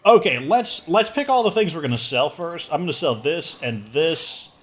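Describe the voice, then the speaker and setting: Chatty man with a lively voice. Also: fairly high pitch, normal speed. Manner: chatty, joking, thinks aloud as he plays. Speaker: gaming channel host. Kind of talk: casual gameplay commentary.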